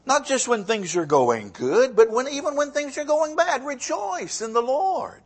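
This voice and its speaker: A middle-aged man preaching a sermon as pastor, animated and swinging from loud emphasis to hushed asides, often repeating words as he speaks. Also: extremely high pitch, moderate pace, few pauses, slightly rough.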